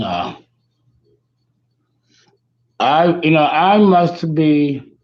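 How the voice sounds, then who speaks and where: A man in his fifties rambles candidly in a casual monologue, emotional and quick to swear. His middle-pitched voice sits in a roomy space, and the sound is a little dull and muffled. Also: darkish tone. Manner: candid, emotional, profane, meandering. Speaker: astrologer.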